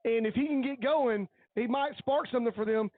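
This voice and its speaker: A man giving coach-like color commentary on a high school football game, earnest and openly emotional as he breaks down each play. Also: fairly quick, phone-quality sound. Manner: analytical, coach-like breakdowns of plays.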